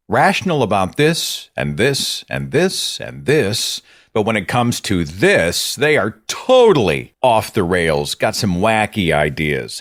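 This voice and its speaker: A man's voice: lowish voice, a bit bright. A middle-aged man hosting a podcast monologue, impassioned and exasperated, moving between dry asides and outbursts. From Oklahoma, USA. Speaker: podcast host.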